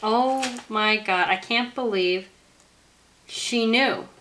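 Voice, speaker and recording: A young woman vlogging as she opens a gift, gushing with repeated excited exclamations. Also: fairly high pitch, takes it slowly, a little hiss or hum. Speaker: YouTuber opening a gift. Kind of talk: casual vlog unboxing.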